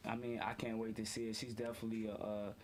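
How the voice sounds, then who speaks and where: A man's voice: on the low side, level tone, fast, crowd noise. A young man hosting a student sports talk show, playful and self-correcting, often calling out to the audience. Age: young adult. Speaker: host. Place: student media studio.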